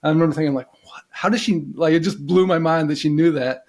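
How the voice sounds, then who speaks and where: This is a middle-aged man from the United States, a guest on a podcast, recounting his journey in a casual, meandering way. His voice sits a little high for a man. He leans on "you know" and "like" as he goes. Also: fast. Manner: relaxed and rambling, many "you know" fillers. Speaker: podcast guest, intuitive coach. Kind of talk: casual storytelling in an interview.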